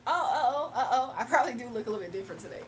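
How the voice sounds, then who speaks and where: High-voiced woman chatting on a livestream. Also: expressive, fast, a little hiss or hum. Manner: laughs often, slangy, reads chat aloud. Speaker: livestream host. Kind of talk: casual live-stream chat with viewers.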